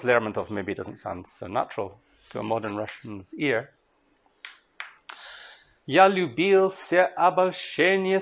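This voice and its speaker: Male lecturer from Scotland, fairly high voice, unhurried classroom delivery. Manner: unhurried, explains step by step, recites lines slowly. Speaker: lecturer leading a master class. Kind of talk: classroom lecture with recited verse.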